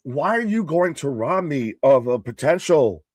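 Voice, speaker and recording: A man's voice: fairly high pitch, very animated, a little slow, dry recording. A man co-hosting a live wrestling watch-party stream, rambling through jokey, worked-up opinions. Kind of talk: casual live-stream chat.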